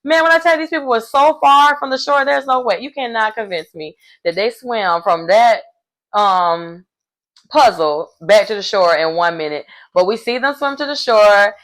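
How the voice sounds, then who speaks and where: A woman, recapping a reality show in a casual, animated way and laughing often. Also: medium pitch, unhurried.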